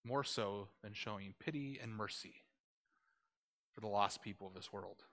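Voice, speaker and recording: A man preaching a conversational sermon, retelling a story with animated delivery and asking his listeners rhetorical questions. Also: lowish voice, moderate pace.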